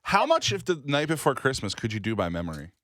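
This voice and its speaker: A male morning show co-host who jokes, laughs and pokes fun at himself. His pitch swings widely as he clowns around, and his words come out muffled by a mouth prop. The recording is close and dry. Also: wildly swooping pitch, fast talker, a bit bright, no room sound. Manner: joking, laughing, self-mocking. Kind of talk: playful casual banter.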